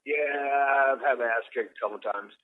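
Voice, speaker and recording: A man's voice: mid-range voice, normal speed. Profane, rambling man telling street stories. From American South. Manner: profane, rambling, animated storyteller. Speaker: podcast co-host. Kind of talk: casual storytelling chat. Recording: dull lo-fi podcast audio with faint noise.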